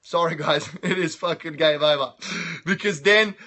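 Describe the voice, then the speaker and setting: An Australian man talking on a phone live stream in a loud, boastful, profane, hyped-up way. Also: a little high, normal speed.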